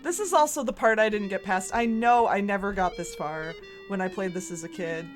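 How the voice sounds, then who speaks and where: A woman's voice: medium pitch, soft background music. Woman streamer goofing around while playing an old game, chatty and giggly. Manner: giggly and playful, quick asides. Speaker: livestreamer. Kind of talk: casual game commentary.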